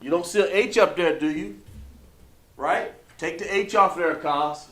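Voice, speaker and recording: Echoey teacher drilling pronunciations slowly. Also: male voice, high voice, a bit bright, distant mic. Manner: patient, repeats points, drawn-out slow pronunciations. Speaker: Hebrew language teacher. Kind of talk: live online class teaching. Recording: echoey room, voice away from mic.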